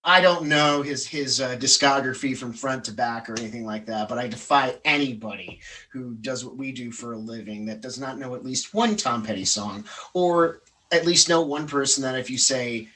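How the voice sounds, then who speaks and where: A man's voice: medium pitch, normal speed, pushed and bright, far from the mic, slight background noise, low-quality recording. A man from Pittsburgh, a singer-songwriter guest, chatting casually and rambling with many restarts. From Pittsburgh, Pennsylvania. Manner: rambling, lots of restarts and fillers. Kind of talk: casual interview chat.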